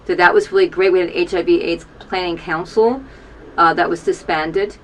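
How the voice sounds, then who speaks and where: A woman in her fifties gives an earnest personal testimony to camera in a small video booth. She urges listeners with repeated calls to action and is openly emotional, her voice sinking low at times. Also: steady tone, normal speed, low-quality recording. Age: 50s. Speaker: storyteller sharing an HIV testimony.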